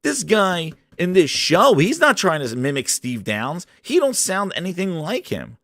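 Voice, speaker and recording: A man's voice: high-pitched, unhurried. A man hosting a gaming channel, ranting in casual livestream commentary and chatting with his viewers. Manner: animated, ranting, chats with viewers.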